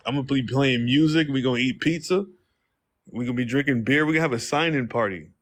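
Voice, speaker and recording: A man's voice: medium pitch, fairly bright tone. A man hosting a casual livestream, rambling in slangy speech and acting out quoted exchanges. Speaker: livestream host.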